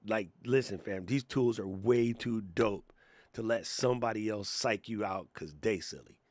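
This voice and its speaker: A man hosting a live creator Q&A stream, talking in an animated, slangy, chatty way. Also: lowish voice, a little slow, dry recording. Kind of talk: casual live-stream chat.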